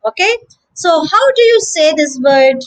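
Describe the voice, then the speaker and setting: A woman teaching English pronunciation, saying each word slowly and several times with clear syllable stress. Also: sits high, animated, rough recording. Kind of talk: slow, careful pronunciation lesson.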